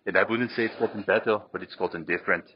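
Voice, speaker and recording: Man doing a deep, quiet, deadpan mock German accent. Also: muffled recording, slight background noise, natural voice. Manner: deliberately bad put-on accent, low and quiet.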